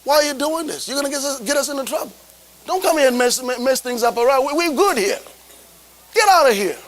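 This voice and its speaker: A man's voice: very high voice, expressive, fast, a bit bright. A man voicing a crowd of enslaved people who stammer and refuse to believe in freedom, acted within a sermon. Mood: defensive. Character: stubborn enslaved people, resigned to bondage.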